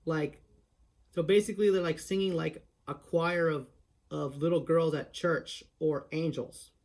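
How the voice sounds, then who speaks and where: A man's voice: fairly high pitch, fairly even intonation, measured pace, a little mellow. A man presenting a voice impression tutorial in a chatty, step-by-step way, often restarting his sentences. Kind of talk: casual tutorial talk.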